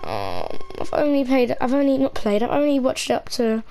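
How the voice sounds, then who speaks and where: A woman's voice: sits high, fairly even intonation, a little fast, warm tone. A woman playing a horror game on her channel, talking through it in a jumpy, frightened way, often exclaiming and screaming. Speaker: gaming YouTuber. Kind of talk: horror game let's-play commentary. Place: at home, wearing headphones.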